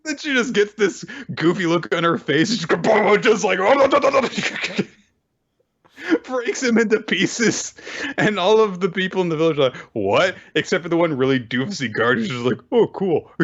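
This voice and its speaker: A man's voice: high-pitched, unhurried, husky. Man doing a lo-fi casual recap. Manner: animated, acts out character lines. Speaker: podcast co-host. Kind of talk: casual manga chapter recap. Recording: dull lo-fi audio.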